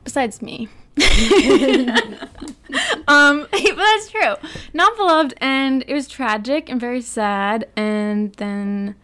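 An American woman co-hosts a podcast, her high, animated voice a bit bright. She chats casually and giggles, laughing often between thoughts and drawing out her words.

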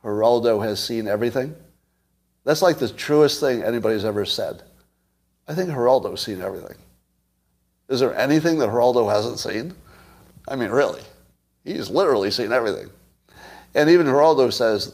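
A man's voice: mid-range voice, animated, moderate pace, pauses often, a little mellow. A man giving a casual political monologue, blunt and profane, firing off rhetorical questions. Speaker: commentator.

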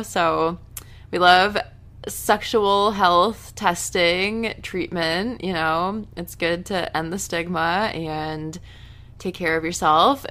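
A woman casually recapping a TV episode in a chatty, animated way, now and then breaking into loud outrage. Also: fairly low pitch. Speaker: TV recap host.

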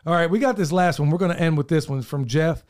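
A man's voice: on the high side, fast talker. A middle-aged man, co-hosting a podcast in earnest, rambling casual chat, his voice wearing thin. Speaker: podcast co-host.

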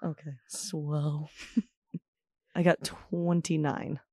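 A woman's voice: low-pitched, little pitch movement, very slow, darkish tone, no echo, clean studio sound. A woman player chatting animatedly and giggling during a tabletop game.

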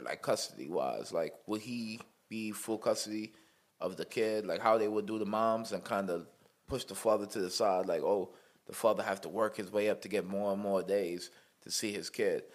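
Low-voiced man asking questions. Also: normal speed. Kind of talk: casual chat.

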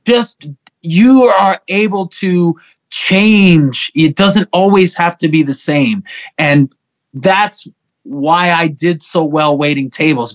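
A middle-aged man telling stories as a guest on an interview show, animated and profane. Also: sits high. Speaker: guest musician. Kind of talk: casual interview chat.

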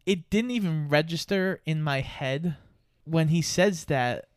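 A man co-hosting a casual movie podcast, talking in a relaxed, rambling way. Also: on the high side, measured pace, dry recording, clean studio sound. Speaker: podcast co-host. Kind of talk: casual movie-review chat.

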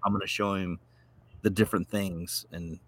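A man's voice: low voice, fairly even intonation, moderate pace, fairly bright tone. A man co-hosting a casual live show, easygoing and jokey, talking about his young son. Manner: easygoing, joking. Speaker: co-host. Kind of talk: casual chat.

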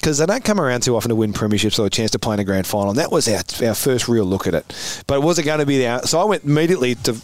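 A man with an Australian accent, a podcast guest telling lively anecdotes and laughing often. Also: mid-range voice, racing, few pauses, no echo. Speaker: podcast guest, former footballer. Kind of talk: animated storytelling chat.

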